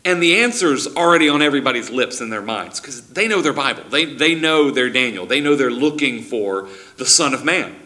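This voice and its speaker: A man's voice: mid-range voice, expressive, brisk, pushed and bright. A man preaching a sermon in a conversational teaching style, often restarting his sentences and acting out quotes.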